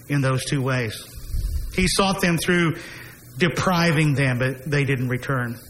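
A man preaching an expository sermon who slows down and stresses key phrases, dropping his voice low on repeated refrains. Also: a bit bright, slight background noise, rough recording.

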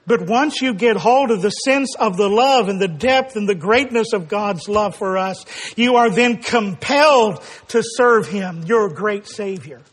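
High-voiced emphatic male preacher. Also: expressive, unhurried, few pauses. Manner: emphatic, rising to forceful declarations; acts out quoted dialogue in storytelling. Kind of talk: sermon.

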